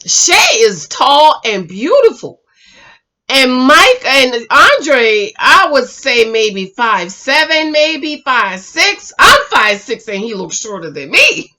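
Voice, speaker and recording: A woman's voice: sits high, sing-song, takes it slowly, sharp tone. A woman reviewing a TV show in casual recap commentary, emphatic and sassy. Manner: emphatic, sassy, quotes people dramatically.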